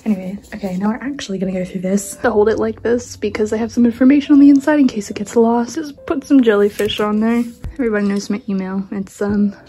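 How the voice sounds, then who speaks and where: A young woman in her late teens with a raspy voice, talking quietly at home in a casual, rambling chat while showing her sketchbook. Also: mid-range voice, fairly even intonation, fast. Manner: quiet, hushed, rambling with fillers. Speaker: art vlogger. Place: at home indoors.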